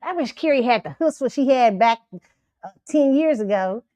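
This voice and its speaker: A woman's voice: on the high side, moderate pace, dry recording. Sassy, blunt woman host. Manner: blunt, sassy, animated, laughs often. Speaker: show host. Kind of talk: pop culture commentary livestream.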